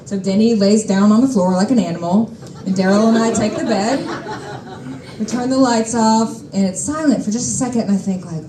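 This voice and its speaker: A woman's voice: mid-range voice, a little fast, echoey room, noisy background. Wry, exasperated woman telling a story. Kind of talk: live personal storytelling. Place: stage at a live storytelling show.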